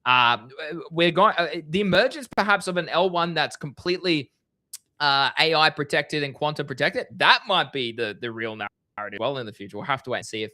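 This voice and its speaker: A man's voice: a little high, a little fast, sharp tone. A man with an Australian accent hosting a crypto livestream, chatting in a friendly way and calling people "mate". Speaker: livestream host. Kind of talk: casual livestream chat.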